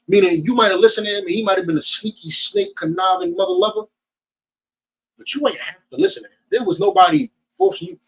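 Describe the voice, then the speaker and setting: A man's voice: extremely high pitch, expressive, fast talker, vocal fry, poor audio. A man with a New Jersey accent preaching to a group in an emphatic, streetwise, slangy way.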